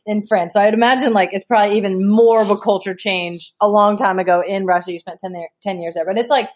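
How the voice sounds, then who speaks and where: Woman, podcast guest, chatty, filler-heavy, relaxed. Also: mid-range voice, fast talker. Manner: chatty, lots of "like", laughs. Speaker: guest, pro soccer player. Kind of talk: casual podcast chat.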